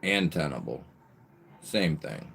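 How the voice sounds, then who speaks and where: Male livestream host, low voice, slow easygoing delivery, calls out chatters by nickname, bursts of emphasis. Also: expressive, creaky, a bit bright, breathy edge. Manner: occasional mild swearing. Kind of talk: casual live chat with viewers.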